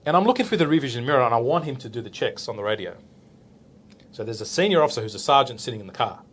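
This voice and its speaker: A man's voice: mid-range voice, racing, husky. Australian man telling a story. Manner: animated, acts out the dialogue, tags with "right?". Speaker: police officer guest. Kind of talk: casual storytelling interview.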